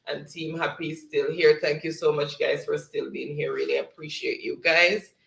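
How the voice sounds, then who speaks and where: Jamaican male co-host, higher voice, chuckles through chat readouts. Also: level tone, moderate pace, gravelly, a bit bright, reverberant. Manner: giggly, reads viewer comments aloud. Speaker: live show co-host reading chat. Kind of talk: casual live-stream chat.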